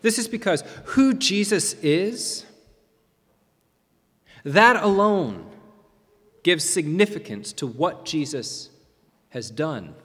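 A man preaching a sermon as pastor, emphatic, with dramatic pauses and swings between loud and soft. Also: a little high, animated, breathy edge. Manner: emphatic, rising and falling delivery with dramatic pauses. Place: church sanctuary. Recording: long reverb of a large hall.

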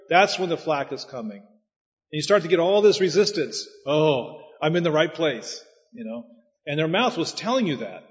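A man preaching as a pastor, folksy and anecdotal, with chuckling asides. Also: a little high. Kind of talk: preaching talk. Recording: muffled sound with long hall reverb.

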